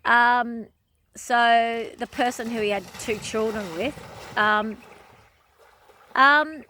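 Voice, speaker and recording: A woman's voice: a little high, fairly even intonation, slow, sharp tone, a little hiss or hum. A woman vlogger in an emotional personal monologue, speaking emphatically and repeating phrases over and over.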